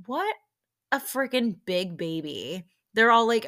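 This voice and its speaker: With a slightly high voice that swings widely in pitch, this young woman talks slowly and with a sharp tone while hosting her podcast. She recaps reality TV in a casual, chatty way, saying "like" a lot and laughing frequently.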